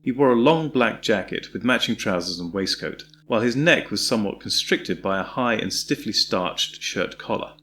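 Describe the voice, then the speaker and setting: A man narrates an audiobook in a measured, descriptive way. His voice sits on the low side, with a faint hum in the background. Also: lively intonation, a bit bright.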